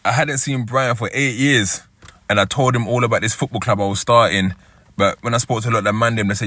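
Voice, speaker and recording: A London man in his thirties recounts his life story in a relaxed, chatty way, often pausing to check in with the listener. His voice sits in a middle range and the recording is dry and close, with no room sound. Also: medium pitch, no echo. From East London. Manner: conversational, checks in with "yeah?". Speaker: storyteller and football club founder. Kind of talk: first-person storytelling.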